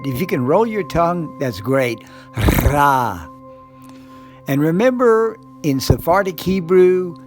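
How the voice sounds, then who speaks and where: A man teaching Hebrew pronunciation, sounding out syllables slowly and carefully. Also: a little high. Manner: slow, careful enunciation. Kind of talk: explaining pronunciation.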